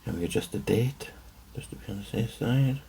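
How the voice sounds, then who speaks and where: A man's voice: on the low side, expressive, fairly quick, vocal fry, mellow, a little hiss or hum. A man thinking aloud to himself as he works, rambling and muttering. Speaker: watch-building hobbyist. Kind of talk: thinking aloud while working.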